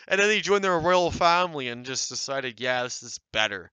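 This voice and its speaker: Young guy ranting sarcastically over a screen recording, bright crisp voice, dry close mic. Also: mid-range voice, moderate pace, few pauses, no room sound, low-quality recording. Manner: rambling, sarcastic, animated when mocking. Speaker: video creator reviewing online game groups. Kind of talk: casual screen-recorded commentary.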